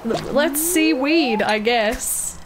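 Streaming a game, a woman chats casually with her viewers and laughs often. Her voice sits high and she speaks slowly, with noise in the background.

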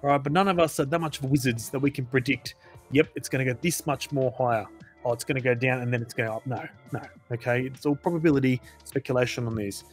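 A man's voice: medium pitch, quick pace, faint music behind. A man hosting a crypto channel, giving casual, emphatic advice to his viewers and repeating phrases for emphasis.

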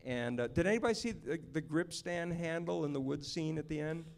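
Male director at a Q&A, animated raconteur, pitched a bit high. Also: a little fast, gravelly. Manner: animated storyteller, acts out the people he quotes. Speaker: film director. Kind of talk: storytelling at a Q&A. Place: stage at a film screening venue.

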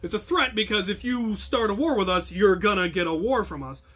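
A man's voice: high voice, brisk, breathy edge. A man leading a crew, giving an earnest instructional talk that explains its protocols. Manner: earnest, explanatory, with bursts of loud call-outs. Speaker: captain of a hobby combat crew, instructor.

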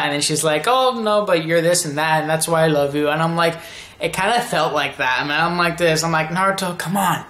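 A man's voice: on the high side, sharp tone, reverberant. A man giving a casual, rambling anime episode review, often acting out characters' lines.

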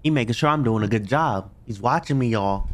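A man's voice: mid-range voice, fairly quick. A man hosting his own channel, giving jumpy, chatty commentary on a horror game he plays and talking straight to his viewers. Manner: jumpy, talks to viewers, yelps when startled. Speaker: gaming channel host.

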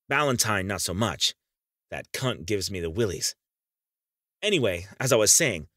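A man's voice: medium pitch, bright, forceful tone, no echo, clean studio sound. A man reading a first-person audiobook, bitter and menacing, talking straight to the listener. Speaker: audiobook narrator.

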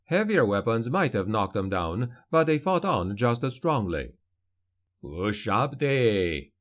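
A man narrating a fantasy audiobook in a dramatic, measured storytelling manner. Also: mid-range voice, big pitch swings.

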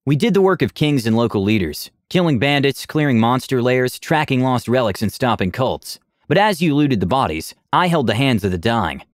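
A man voicing a cold, calm male lizard-folk gentleman with a silky, measured way of speaking. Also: mid-range voice, no room sound, clean studio sound, natural voice. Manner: measured, composed.

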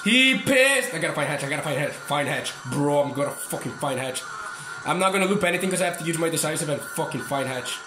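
A man giving excitable, swearing commentary over a horror game. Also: fairly high pitch, fast talker, roomy sound, over music. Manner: excitable, swearing, yelps and laughs. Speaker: gaming streamer. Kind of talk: casual gameplay commentary.

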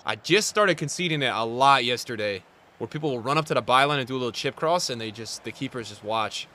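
Young guy streaming fifa, talks to chat, bright voice, jumps from mumbling to yelling. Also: mid-range voice, fast talker. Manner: excitable, swings from mumbled asides to loud outbursts. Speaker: gaming streamer. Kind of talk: live gameplay commentary.

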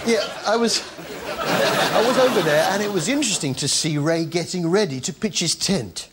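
A man's voice: sits high, moderate pace, a loud crowd, very noisy. A man hosting a comedy show, giving giggly, mock-indignant commentary on TV clips. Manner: zany, giggly, mock-indignant, bursts into squeals.

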